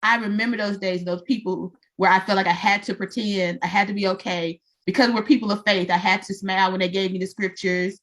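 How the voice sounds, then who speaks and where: A woman's voice: medium pitch, brisk, few pauses. A woman co-hosting a faith-based chat, telling her stories with animation and acting out what people said. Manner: animated storyteller, acts out quotes. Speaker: podcast co-host.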